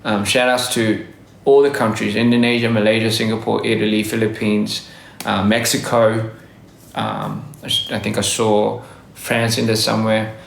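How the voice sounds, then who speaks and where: A man on a casual livestream, giving upbeat, rambling shout-outs to fans and stumbling over his words. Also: on the low side, level tone, normal speed, vocal fry. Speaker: musician hosting a live stream. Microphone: phone livestream. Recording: echoey room.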